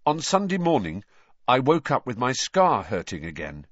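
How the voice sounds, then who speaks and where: A man's voice: mid-range voice, wildly swooping pitch, normal speed, a bit bright, no room sound, pitched above the performer's own voice. A man voicing an earnest, troubled teenage boy wizard in a raised, urgent voice, on a dull lo-fi recording.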